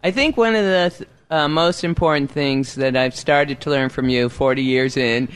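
A man co-hosting a casual cooking chat, explaining his habits in a measured, thoughtful way. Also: mid-range voice, clear, resonant tone.

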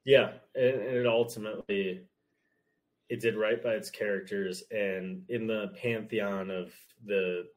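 A man appearing as a podcast guest, talking in a thoughtful, measured way with a few restarts. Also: lowish voice, steady tone. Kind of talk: casual chat.

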